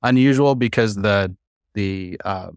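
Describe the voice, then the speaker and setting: A man with a fairly low voice leads a Hebrew lesson over a video call. He is patient and encouraging and slows down to sound words out. The sound is dry and close. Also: clean tone, no echo. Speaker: Hebrew teacher. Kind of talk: online class teaching.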